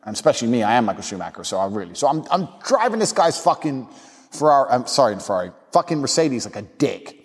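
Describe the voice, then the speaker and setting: A man's voice: mid-range voice, big pitch swings, fast, big-room sound. A man hosting a podcast, telling a casual story bluntly and crudely, breaking into impressions. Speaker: podcast host. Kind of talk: casual anecdote.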